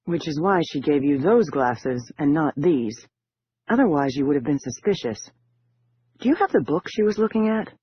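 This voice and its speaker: A man voicing a cool, sharp female con artist. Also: on the high side, lively intonation, moderate pace, husky, highs cut off. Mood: matter-of-fact.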